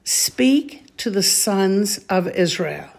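Woman teacher, call-and-response recitation, very slow and deliberate, mid-pitched. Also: expressive, vocal fry, a little mellow. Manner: deliberate, repeats each word for listeners to echo. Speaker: Bible Hebrew teacher.

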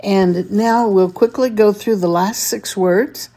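Slow, mellow woman teaching. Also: mid-range voice, steady tone. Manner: deliberate, repeats each word for practice. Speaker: Hebrew teacher. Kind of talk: slow vocabulary lesson.

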